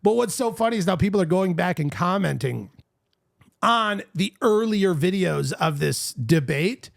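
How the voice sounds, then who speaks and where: A man hosting a podcast in casual chat, excitable and animated, saying "dude" often. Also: high voice, a little slow, gravelly, no room sound, studio quality. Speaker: podcast host.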